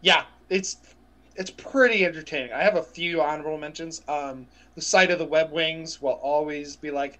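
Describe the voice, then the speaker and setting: A man in casual chat as a podcast co-host, relaxed and a little halting. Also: fairly high pitch.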